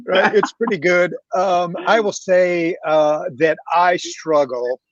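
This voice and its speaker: A man's voice: high voice, steady tone, takes it slowly, no echo, lo-fi sound. A man who is a guest on a video-call panel and talks about self-doubt. He is candid and reflective, with some self-deprecating humor. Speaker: panel guest, real estate leader.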